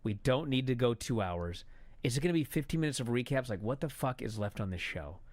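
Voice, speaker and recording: A man angrily recapping a wrestling show in a profane, exasperated rant that builds to shouting. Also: medium pitch, lively intonation, brisk, dry recording.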